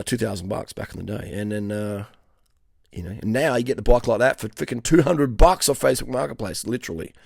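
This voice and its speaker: Gravelly, swearing Australian man telling stories. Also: lowish voice, no echo, clean studio sound. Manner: profane, animated, slangy, frequent "mate" and "man". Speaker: cycling vlogger. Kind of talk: casual storytelling monologue.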